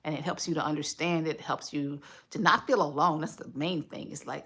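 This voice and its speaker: A woman's voice: low-pitched, steady tone, fairly quick, fairly bright tone, breathy edge. A woman hosting a casual home livestream, talking through her thoughts in a reflective, conversational way with frequent fillers. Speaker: livestream host.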